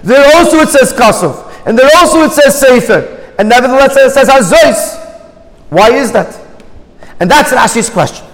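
A man's voice: very high-pitched, animated, moderate pace, a bit bright. A man teaching a Torah text study, who reads Hebrew lines aloud and then explains them in English. He repeats and restarts words as he reasons aloud. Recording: long hall reverb.

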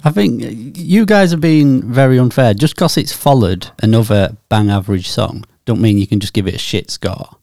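A man's voice: medium pitch, moderate pace, creaky, hardly any pauses, darkish tone, no echo, clean studio sound. A man co-hosting a podcast, rambling through jokey, mock-serious theories in casual banter. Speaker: podcast co-host.

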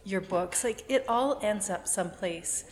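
A woman hosting a podcast interview, encouraging and supportive with quick asides. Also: mid-range voice. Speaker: podcast host. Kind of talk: casual interview chat.

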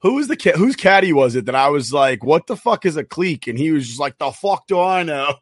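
A man co-hosting a sports podcast in casual chat, excitable and profane, often laughing at his own stories. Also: on the high side, quick pace, breathy edge, no room sound, studio quality. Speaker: podcast co-host.

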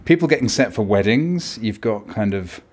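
A man's voice: lowish voice, animated, normal speed, darkish tone, husky. Enthusiastic male podcast host. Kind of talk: touring interview and narration.

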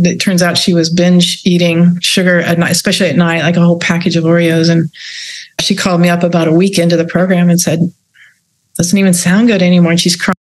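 A woman talking as a health practitioner in a casual interview, earnest and sharing stories of her patients. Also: lowish voice. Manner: earnest, tells patient stories, laughs lightly.

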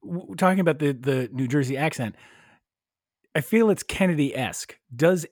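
A man's voice: a little high, normal speed, no echo, clean studio sound. A man hosting a casual podcast chat, asking curious, wry questions.

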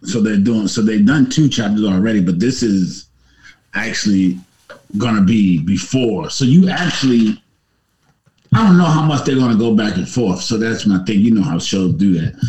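A man's voice: on the low side, expressive, moderate pace, a little mellow. A man in his late thirties co-hosting a casual podcast chat, laid-back and slangy, laughing often. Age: 30s.

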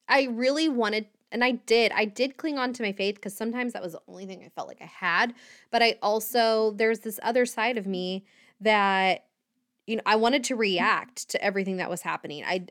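A woman's voice: mid-range voice, fairly bright tone, smooth, no echo, studio quality. A young woman from Indiana hosting a podcast, telling her own story candidly and rambling with fillers and nervous laughs. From Indiana, USA. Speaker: podcast host.

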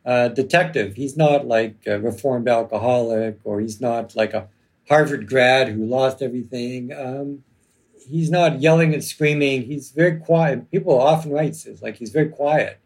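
A man, an author and lawyer, speaking reflectively in an interview with many pauses and ums. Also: mid-range voice. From Canada. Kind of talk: conversational interview.

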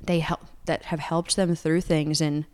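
An unhurried, flat delivery marks this low-pitched, slightly mellow female voice. She's a singer-songwriter in her twenties from Atlanta in the United States, chatting casually in an interview and rambling with many fillers.

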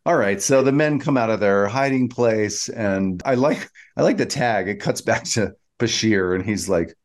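A man's voice: on the low side, moderate pace. A man co-hosting a podcast, recapping scenes in casual chat and steering the talk back on track. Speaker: podcast co-host.

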